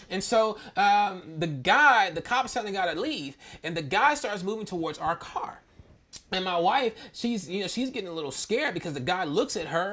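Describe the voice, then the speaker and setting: A man with a notably high-pitched voice tells a personal story from his own childhood and family life. He talks in a loose, slangy way, laughing as he goes. He speaks like a church talk host. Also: a bit bright. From Maryland, US.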